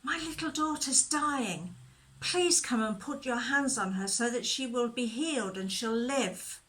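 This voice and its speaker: A woman voicing a desperate father who pleads slowly in a raised voice. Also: fairly high pitch, a bit bright, voice pushed up, poor audio. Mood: pleading.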